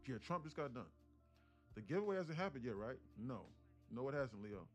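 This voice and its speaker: A man's voice: medium pitch, very animated, moderate pace, faint music behind. A man hosting a casual live trading stream, telling a rambling story in a slangy way. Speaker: day trader and livestream host. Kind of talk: casual livestream chat.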